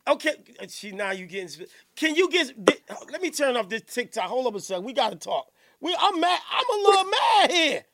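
A man hosting a rowdy live podcast, excitable, laughing and shouting, always cutting in with "hold on". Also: extremely high pitch, brisk, hardly any pauses. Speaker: podcast host.

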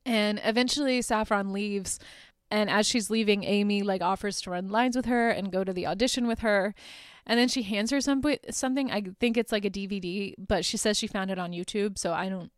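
A young adult woman hosting a podcast, chatting through a movie plot with lots of "like" and quick laughs. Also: medium pitch, smooth, dry recording, studio quality. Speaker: podcast host. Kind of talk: casual movie recap.

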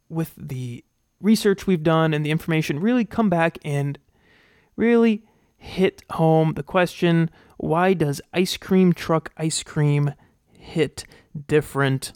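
A man hosting a casual solo podcast, thinking aloud with many fillers and restarts and reading research aloud. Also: a little high. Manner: reads research aloud and comments on it. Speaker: podcast host.

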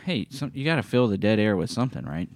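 A man's voice: lowish voice, very animated, quick pace, dry recording, studio quality. A man co-hosting a podcast, bantering casually and teasing his partner in a playful way. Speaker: podcast co-host. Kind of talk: casual chat.

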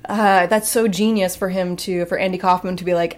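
A woman's voice: fairly low pitch, fairly even intonation, fast, few pauses. A woman co-hosting a podcast in casual chat, talking loosely with frequent swearing. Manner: casual, swears freely, lots of fillers. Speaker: podcast co-host.

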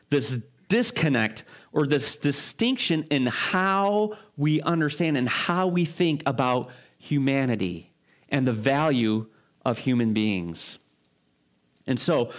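Brief: male pastor, conversational sermon delivery, slightly high voice, casual and rambling. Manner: informal, frequent fillers and restarts, rhetorical check-ins.

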